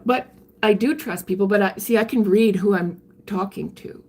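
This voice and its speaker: An older woman, chatting candidly on a live stream and answering viewer comments in a halting way, often restarting her sentences. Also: mid-range voice, a little mellow. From Canada. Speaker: livestreamer reading viewer comments. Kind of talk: casual live-stream chat.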